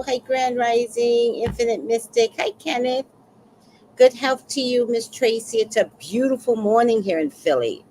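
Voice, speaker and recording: A woman hosting a casual livestream, reading out the chat and telling stories with emotional, animated delivery. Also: on the high side, a little hiss or hum. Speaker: livestream host.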